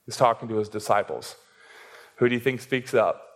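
Young male pastor, mid pitch, relaxed and jokey preaching delivery. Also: moderate pace. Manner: casual and joking, laughs while preaching. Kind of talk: sermon.

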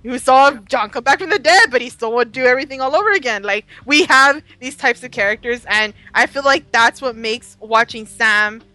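Chatty young woman, bright voice. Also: high voice, dry recording, poor audio. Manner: chatty, swears freely, quick asides. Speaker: podcast co-host. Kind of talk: casual chat.

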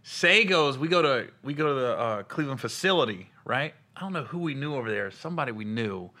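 A man's voice: mid-range voice, a little fast. A man hosting a podcast, telling stories in a loose, laughing way and acting out quotes. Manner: laughing, animated retelling with quoted voices. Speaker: podcast host and comedian. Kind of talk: casual podcast chat.

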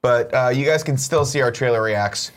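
A man hosting a casual morning show, joking and swearing with quick asides. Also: medium pitch. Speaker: show host. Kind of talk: casual podcast chat.

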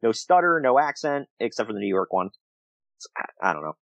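Animated man recapping with dry sound. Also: mid-range voice, brisk, dry recording, highs cut off. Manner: laughs often, animated retelling with quoted asides. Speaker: podcast co-host recapping wrestling. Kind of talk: casual chat.

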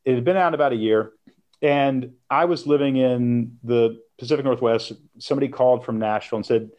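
A man's voice: mid-range voice, a little fast, a little mellow. A middle-aged man telling a personal story as an interview guest, acting out quotes and laughing now and then. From United States. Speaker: guest author.

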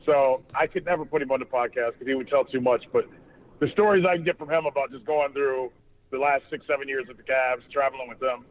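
A man's voice: mid-range voice, steady tone, quick pace, narrow, tinny audio. A man hosting a sports podcast, talking in a loose, profane, rambling way with many restarts. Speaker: podcast host. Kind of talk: casual sports chat.

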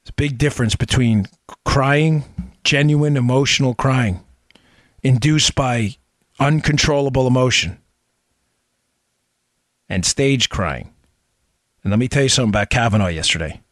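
A man's voice: medium pitch, moderate pace, long pauses, a bit bright, no echo. A middle-aged man hosting a political podcast, delivering an impassioned, emphatic commentary monologue full of rhetorical questions, close on the mic. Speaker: podcast host.

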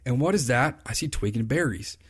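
A man with a medium-pitched, husky voice and lively intonation talks a little fast on his own podcast, recorded on a computer. A fly fishing consultant, he tells rambling, enthusiastic stories in casual solo chat.

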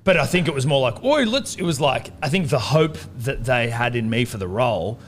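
A young man, co-hosting a podcast in casual chat and telling stories in an animated, self-mocking way. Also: medium pitch, fairly quick, slight background noise. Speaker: podcast co-host.

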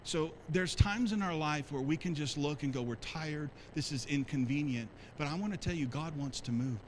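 A man preaching a sermon as pastor, telling a personal story in a lively, conversational way to his church. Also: fairly high pitch, moderate pace, slight background noise, low-quality recording. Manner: animated, conversational, talks to congregation. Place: church sanctuary.

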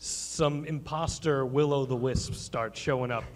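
A man hosting a live stage talk show, energetic and blunt, swearing casually. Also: mid-range voice, unhurried. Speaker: host.

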